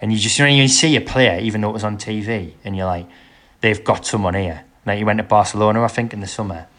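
A man's voice: on the low side, quick pace, fairly bright tone. Man telling a rambling anecdote. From England. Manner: rambling storyteller, acts out quotes. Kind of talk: casual chat, anecdote telling.

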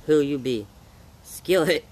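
A man's voice: fairly high pitch, slow pace, darkish tone, pitched above the performer's own voice, poor audio. A man voicing a hungry, humble grown drifter who speaks in plain, polite rural talk. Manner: folksy rural speech, eager and polite.

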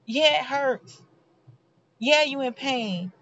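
Woman, motivational faith talk, casual and earnest, slightly high voice, dull recording. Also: normal speed. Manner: heartfelt, preachy, conversational. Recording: dull lo-fi sound.

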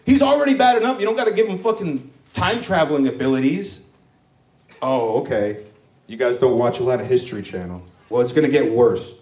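A man's voice: mid-range voice, expressive, fairly quick, darkish tone. A man in his thirties doing a stand-up comedy set, loose and rambling, crude, slipping into mocking voices. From Morocco. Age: 30s. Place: comedy club stage. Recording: roomy club sound from a distance.

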